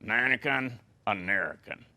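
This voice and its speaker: A ventriloquist voicing a cheeky, dim-witted male puppet who teases him with quick comebacks. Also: mid-range voice, sharp tone. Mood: wisecracking.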